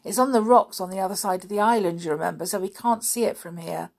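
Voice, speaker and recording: A woman's voice: medium pitch, quick pace, gravelly. A woman reading the part of a fierce, bold tomboy girl. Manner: fiery, possessive.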